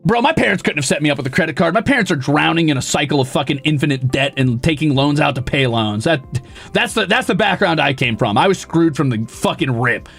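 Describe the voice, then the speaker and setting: A young man chats casually on stream, telling a profane, animated story with plenty of swearing and acted-out quotes. His voice is fairly high, quick, creaky, and husky. Faint music plays behind him.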